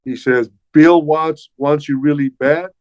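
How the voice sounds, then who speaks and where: An older man, a former wrestler, telling stories as an interview guest in a lively way, stumbling over and repeating his words. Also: a little high, a little slow, no echo. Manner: animated, repeats words while recounting past dialogue. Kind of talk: casual storytelling. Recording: dull, slightly muffled dry sound.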